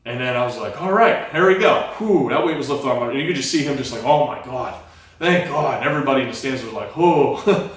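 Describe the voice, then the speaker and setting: A young man candidly telling his own life story, acting out the quoted dialogue as he goes. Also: medium pitch. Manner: lively retelling, acts out quoted dialogue. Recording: very echoey room, mic far off.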